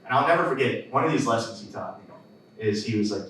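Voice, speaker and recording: A man's voice: medium pitch, expressive, fast talker, fairly bright tone, very echoey, distant mic, slight background noise, poor audio. A young man doing a live stand-up set, telling stories in a casual way with lots of fillers and laughs. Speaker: stand-up comedian. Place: comedy club stage.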